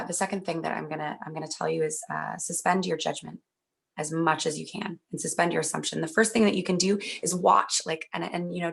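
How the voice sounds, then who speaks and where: Young woman speaker, reassuring and earnest, husky gravelly low voice. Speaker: workshop speaker. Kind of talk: talk at a virtual event.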